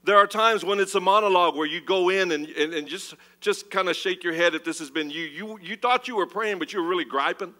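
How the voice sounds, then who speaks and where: A man preaching a sermon as pastor, animated and swinging between loud, urgent passages and hushed ones. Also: sits high, fairly quick, few pauses. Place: church.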